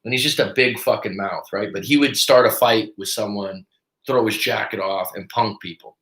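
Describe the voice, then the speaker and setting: A coach hosting a live stream tells a story at a moderate pace, his lowish voice carrying a roomy sound. He swears freely, keeps it casual, and animatedly performs the quotes of each character.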